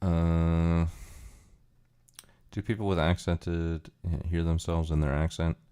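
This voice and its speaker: A man's voice: sits low, flat delivery, takes it slowly, mellow, smooth. A man hosting a livestream, chatting casually and thinking aloud in a rambling, musing way. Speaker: livestream host.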